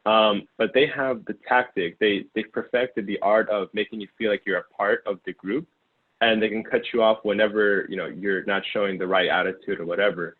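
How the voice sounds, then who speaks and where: A man in his twenties, originally from Ukraine, tells his story quickly and loosely, full of fillers and restarts. His voice is somewhat low and husky. The sound is narrow and tinny, like a phone line. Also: fairly even intonation. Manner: rambling, many fillers and restarts. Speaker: guest, former sales intern. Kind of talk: casual interview storytelling.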